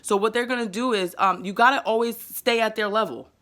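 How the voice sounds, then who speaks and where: A young woman with a New York accent talks straight to the camera in a vlog. Her voice is bright and forceful. She talks fast and with emphasis, tripping over and repeating words as she gives parenting advice. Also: a little high. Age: 20s. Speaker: parenting vlogger.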